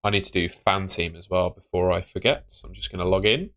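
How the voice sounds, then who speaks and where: A man's voice: deep voice, fairly quick, a bit bright, no room sound, studio quality. A young man hosting a live stream, chatting casually and muttering to himself as he sorts things out on his phone. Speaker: livestream host.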